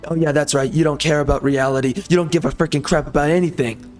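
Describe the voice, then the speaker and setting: Male gameplay host, bitter sarcastic ranter, slightly high-pitched, faint game music under him. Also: steady tone, fast talker, a little mellow. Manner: angry, sarcastic, mocking. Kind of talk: ranting commentary over gameplay.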